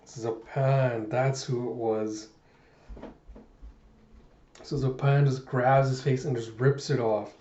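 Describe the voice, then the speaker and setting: A man chats animatedly as he reads through a comic. His voice is mellow and dark. The recording is muffled with room echo. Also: medium pitch, takes it slowly, long pauses. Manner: animated, chatty. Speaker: manga reader. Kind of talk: casual comic readthrough.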